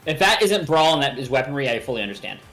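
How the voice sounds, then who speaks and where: A man with an average-pitched voice plays in a tabletop role-playing game. He works through his moves deliberately, asking questions and dropping dry jokes. Faint music plays underneath. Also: very animated, a bit bright. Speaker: player. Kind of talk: casual tabletop role-play chat.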